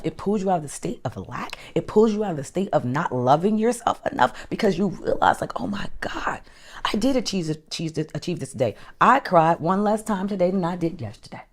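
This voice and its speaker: A woman life coach giving an animated motivational talk, calling listeners honey and child, sometimes dropping to a whisper for emphasis. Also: on the low side.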